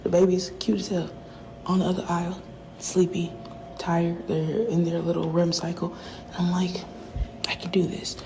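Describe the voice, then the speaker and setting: A woman's voice: on the low side, flat delivery, moderate pace, noisy background. A woman rapper in a profane, rambling livestream rant that often sinks to a whisper.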